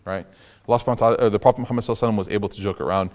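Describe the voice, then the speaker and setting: A man's voice: on the low side, steady tone, very fast, a little mellow. A young man giving a casual, joking sermon as an Islamic lecturer, telling stories and acting out the quotes. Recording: long hall reverb.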